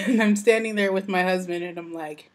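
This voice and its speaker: A woman's voice: mid-range voice, fairly even intonation, normal speed. An American woman, a young adult, chatting casually in a vlog and saying "like" and "you know" a lot. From United States. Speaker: vlogger.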